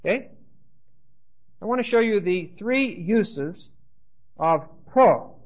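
A man teaching a Bible class, explaining slowly and checking in with his listeners with "right?" and "okay?". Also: high voice, expressive. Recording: dull lo-fi lecture recording.

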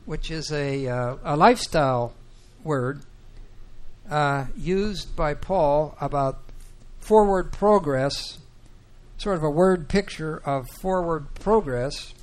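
A man teaching a Bible class, talking slowly and haltingly with many fillers and restarts. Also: on the high side. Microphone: microphone that sometimes cuts out.

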